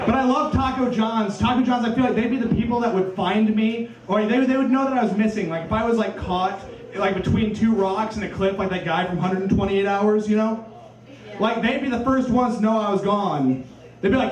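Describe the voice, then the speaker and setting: A young man from Iowa performing a stand-up set, deadpan and dropping into silly voices for punchlines. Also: sits high, brisk. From Cedar Valley, Iowa. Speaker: stand-up comedian. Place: comedy club stage. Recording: echoey club from far off.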